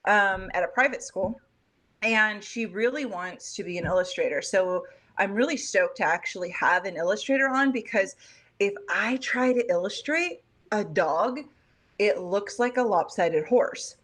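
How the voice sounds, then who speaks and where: A woman's voice: medium pitch, expressive, measured pace, fairly bright tone. A woman in her forties hosting a casual video interview, bubbly and giggly, often teasing herself. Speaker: podcast host.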